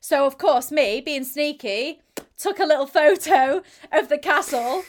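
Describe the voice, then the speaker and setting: A woman's voice: high-pitched, a little slow. A young woman, an athlete being interviewed, speaking candidly and acting out the voices of people she quotes. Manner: animated, acts out quoted voices, laughs readily. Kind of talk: candid conversational storytelling.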